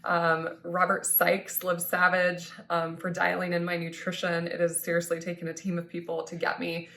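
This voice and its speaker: A woman's voice: lowish voice, monotone, normal speed, pushed and bright. A woman in her thirties giving a heartfelt, tearful thank-you in a personal vlog, with many ums and restarts. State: tearful, crying at times. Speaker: vlogger thanking supporters.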